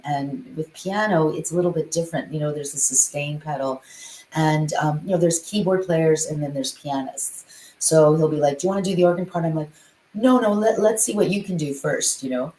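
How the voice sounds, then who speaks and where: A woman musician chatting in an interview, often singing rhythms out loud. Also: low voice, normal speed, roomy sound, slight background noise, rough recording. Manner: chatty, sings rhythms aloud. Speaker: guest, musician and composer. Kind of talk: casual interview chat.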